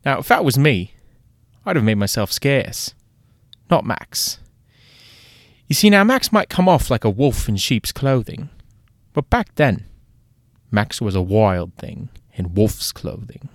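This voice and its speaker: A man's voice: fairly low pitch, no room sound, clean studio sound. A man voicing a British gangster's right-hand man with a put-on British accent, telling a long, theatrical tale. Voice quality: theatrical, drawn-out storytelling.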